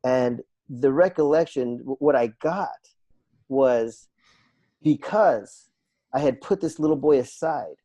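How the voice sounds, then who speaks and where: Warm-voiced man telling a personal story. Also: medium pitch, slow pace. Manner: earnest, reflective, repeats phrases for emphasis. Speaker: podcast guest, life and business coach. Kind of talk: personal storytelling in a podcast interview.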